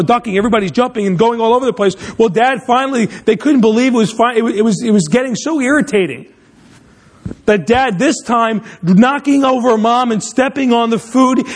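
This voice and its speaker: A pastor preaching, opening with a lively illustrative story before turning to his sermon topic. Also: high-pitched. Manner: animated storyteller, speeds up in tense moments.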